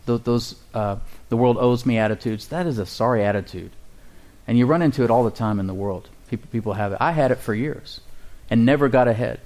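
A pastor preaching a sermon to his congregation, calling for responses and slowing down to read scripture aloud. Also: mid-range voice, darkish tone.

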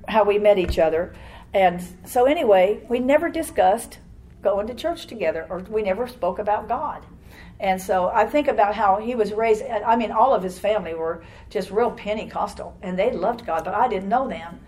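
An older woman giving a rambling, animated personal testimony to a church congregation, laughing often as she tells her story. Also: mid-range voice, a little hiss or hum, rough recording.

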